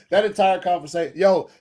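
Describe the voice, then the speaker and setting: A man's voice: high-pitched, a little mellow. Slangy, loose-talking male podcast host. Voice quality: loose and slangy, frequent restarts. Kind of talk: casual chat.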